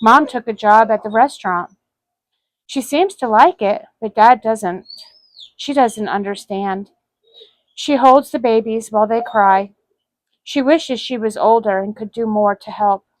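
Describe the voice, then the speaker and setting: A woman reading her own short story aloud in a soft, earnest manner. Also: on the high side, measured pace, rough recording. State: voice cracking with emotion.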